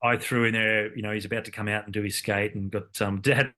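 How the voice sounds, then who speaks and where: An Australian Olympic cyclist and commentator in his 50s talks as a guest in a casual interview, rambling loosely with many fillers and restarts. His fairly low voice is brisk and sharp, with fairly even intonation.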